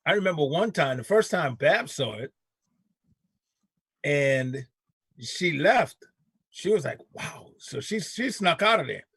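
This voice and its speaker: A man's voice: fairly high pitch, expressive, slow pace, long pauses, fairly bright tone, breathy edge, dry recording. A man hosting a casual talk show, telling stories bluntly and animatedly with some cussing. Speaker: show host. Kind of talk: casual chat.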